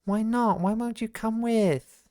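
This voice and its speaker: A bored, whining little noble boy, put on by a man running a tabletop game. His voice jumps high and thin, full of childish petulance. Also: a little slow, dark tone, slight background noise. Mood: whiny.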